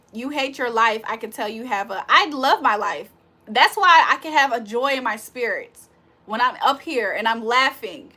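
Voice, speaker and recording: Woman livestream host, high and bright, roasts her chat, breaks into loud laughter. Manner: trash-talking, laughs loudly. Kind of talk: casual live chat.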